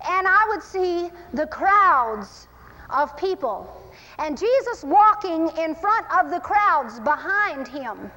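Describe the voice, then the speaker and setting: A woman preaching and teaching from the Bible, animated and acting out the scenes as she tells them. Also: very high voice, in a large hall, low-quality recording. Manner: animated, acts out scenes with shifting pace. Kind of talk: sermon-style Bible teaching.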